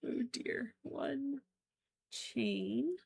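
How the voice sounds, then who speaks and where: A woman's voice: sits high, vocal fry, darkish tone, breathy edge. A young woman chatting casually with her stream while crocheting, giggly and given to frequent exclamations.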